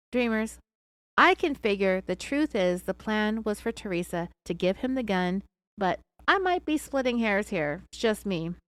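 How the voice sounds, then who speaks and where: A woman's voice: medium pitch, sing-song, unhurried, clear, resonant tone, no echo. A woman hosting a true crime podcast, retelling an interrogation with sarcastic, opinionated asides. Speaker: podcast host.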